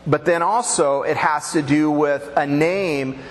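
Guy preaching in a church hall, chatty and jokey, kinda high voice, faint noise behind. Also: a little slow. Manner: conversational, joking preaching to a congregation. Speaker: pastor. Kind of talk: sermon.

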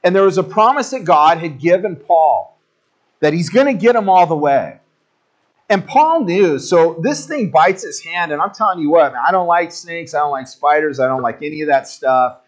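Pastor, male, slightly higher voice, casual animated storyteller in the pulpit. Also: moderate pace. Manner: conversational, animated storytelling with jokey asides. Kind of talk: sermon.

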